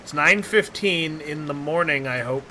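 Excitable bright-voiced man gaming. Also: a little high, normal speed, slight background noise. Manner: excitable, jokey, yelps at scares. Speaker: gaming channel host. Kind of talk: casual co-op gameplay commentary.

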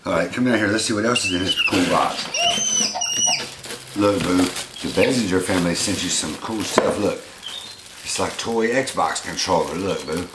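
A man's voice: sits low, moderate pace, roomy sound, very noisy. A man casually unboxing fan mail and talking sweetly to his pet monkey. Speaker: pet vlogger.

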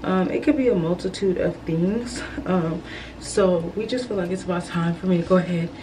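A woman's voice: fairly low pitch, normal speed, dark tone. A young woman chatting casually to camera in a loose, informal way, giving viewers updates on her day. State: out of breath after climbing stairs. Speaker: vlogger. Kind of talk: casual vlog chat. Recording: distant camera mic with background noise.

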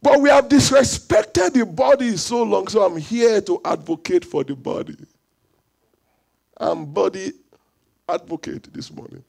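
A man preaching a fervent sermon in a church service, repeating phrases for the congregation and bursting into shouts. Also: high voice, unhurried, creaky. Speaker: pastor.

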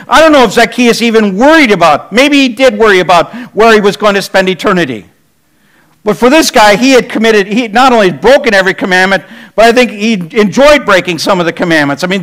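Middle-aged guy pastor preaching, pretty high voice, keeps asking the crowd questions. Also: a little fast, a bit bright, low-quality recording. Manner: conversational preaching with rhetorical questions. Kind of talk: sermon.

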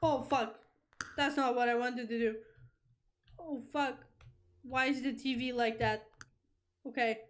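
Young woman streamer playing a spooky game, high voice, slow jumpy reactions, swears a lot. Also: steady tone. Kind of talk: live gameplay reaction.

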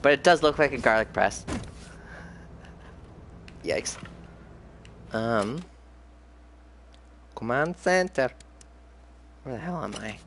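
Goofy tipsy game streamer, gravelly, slow, game noise behind. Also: male voice, medium pitch, lively intonation, fairly bright tone. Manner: goofy, rambling, silly noises. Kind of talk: live let's play commentary.

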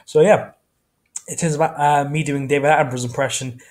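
A man's voice: on the high side, fairly even intonation, a little fast, darkish tone. A man hosting his own video channel, chatting casually in a rambling way and correcting himself often. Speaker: YouTube host. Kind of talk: casual vlog chat.

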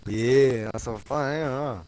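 A man's voice: mid-range voice, slow pace, darkish tone, slight background noise. A young man gaming with friends, urgently calling out repeated commands in casual chat.

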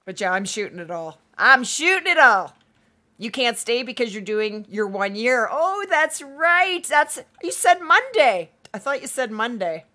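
A woman hosting a hunting-game livestream, chatting casually with viewers and reading their messages aloud, her voice going hoarse from days of streaming. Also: fairly high pitch, lively intonation, sharp tone. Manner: upbeat, chatty, reads chat aloud, quick to laugh. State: losing her voice. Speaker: livestream gaming host. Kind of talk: casual livestream chat while playing.

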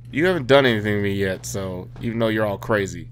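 Male gamer, lowish voice, wisecracking let's play commentary, quiet hiss behind. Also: fairly quick, hardly any pauses. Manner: joking, swearing, talking to the game characters.

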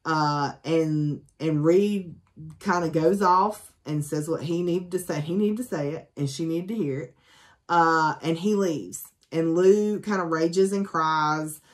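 A woman with a low voice retelling a book's plot to her viewers. She talks in a loose, chatty way with plenty of ums and uhs. She drops dry, sarcastic jokes as she goes. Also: normal speed. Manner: chatty, lots of ums and asides; sarcastic, joking. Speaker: book reviewer. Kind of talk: casual spoken book summary.

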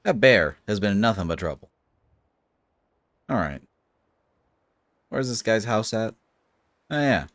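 Joking man doing lively game commentary. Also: on the low side, slow pace, pauses often, dry recording, clean studio sound. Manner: joking, laughs at himself. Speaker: gaming YouTuber. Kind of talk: casual gameplay commentary.

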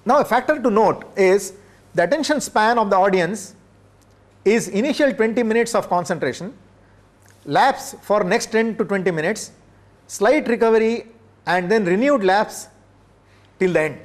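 A man's voice: sits high, animated, moderate pace, long pauses. A male professor, lecturing teachers, repeating points for emphasis and asking the audience rhetorical questions. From India.

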